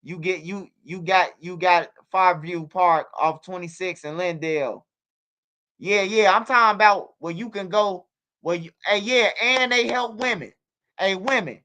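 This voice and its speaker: A man's voice: high-pitched, a little slow, sharp tone. A man hosting a casual livestream, emphatic, repeating himself and swearing freely. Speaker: streamer and channel host.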